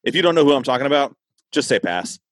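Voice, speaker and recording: A man's voice: mid-range voice, very animated, quick pace, dry recording, rough recording. Laid-back male podcast host, dry sound. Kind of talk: casual podcast hosting.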